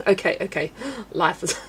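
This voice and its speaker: A woman's voice: fairly low pitch, a little slow, fairly bright tone, a little hiss or hum. A woman chatting casually at home while colouring on a livestream, answering chat and often breaking into giggles. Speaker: livestream host.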